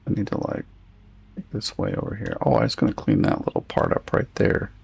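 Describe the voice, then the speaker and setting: Gravelly low-voiced man narrating gameplay. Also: huge pitch swings, brisk, a little mellow. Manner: rambling, thinking aloud while playing. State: losing his voice. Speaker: gaming streamer. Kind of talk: casual gameplay commentary.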